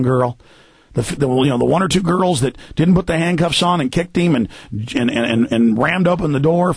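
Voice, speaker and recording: A man's voice: a little high, vocal fry, slightly rough, dry recording. A man hosting a talk radio show, delivering a fiery, heated rant.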